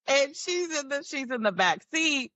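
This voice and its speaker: A woman's voice: high voice, no echo, lo-fi sound. A woman guest on a podcast, telling personal stories in a reflective, candid way. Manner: reflective, candid, often laughs softly. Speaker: guest, mental health counselor. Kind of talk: personal storytelling in a podcast conversation.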